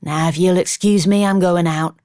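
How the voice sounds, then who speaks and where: A woman's voice: on the low side, steady tone, moderate pace, darkish tone, dry recording, clean studio sound, close to an everyday voice. A woman voicing a brash, defiant young American woman gambler in an audiobook, with a blunt, brassy manner.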